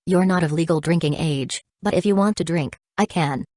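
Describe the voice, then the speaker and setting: A woman reads an easygoing bartender in an audiobook, friendly and chatty. Her voice is low and dry. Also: normal speed, warm tone, no room sound, close to an everyday voice. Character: easygoing male bartender, adult.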